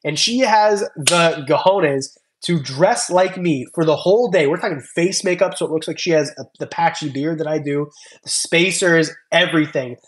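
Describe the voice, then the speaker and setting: A young man with a slightly high voice chats casually at normal speed on his livestream. He hosts a reptile channel and rambles while reading comments and thanking viewers by name.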